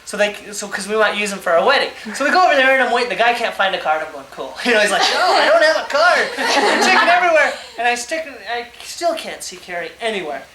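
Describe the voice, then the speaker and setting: A man's voice: high-pitched, fast talker, few pauses, crowd noise. A young man telling stories casually and with much laughter to friends at a home gathering, recorded on a home video camera. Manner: animated, laughing while he tells stories. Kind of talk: casual storytelling among friends. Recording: echoey room, loud noise.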